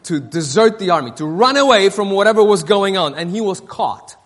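Pastor guy, high voice, stumbles and repeats himself a lot, church sermon w/ long echo. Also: lively intonation. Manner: halting, repeats words, many fillers. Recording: long reverb of a hall.

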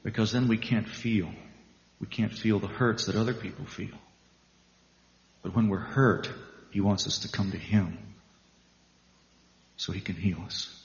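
A man's voice: fairly low pitch, steady tone, measured pace, long pauses. An American man, a gospel singer, talking in a folksy, conversational way with many fillers in a spoken interlude over his song. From United States. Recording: roomy reverb, dull sound, loud music. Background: loud guitar music.

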